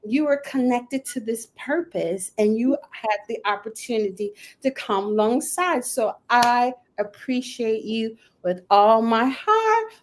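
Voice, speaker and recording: Woman podcast host, middle-aged, high-pitched, lively and emphatic, motivational chat. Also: a little slow, few pauses. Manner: animated, laughs often, acts out quoted voices; emphatic, repeats phrases for effect. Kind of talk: casual motivational podcast talk.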